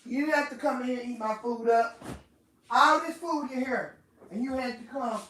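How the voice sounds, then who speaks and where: A woman's voice: sits high, normal speed, fairly bright tone, far from the mic. A woman vlogger venting angrily at home, cursing and repeating herself as she complains. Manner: profane, repetitive ranting in Southern African American vernacular. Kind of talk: angry venting monologue. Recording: echoey room, voice somewhat off-mic, faint noise.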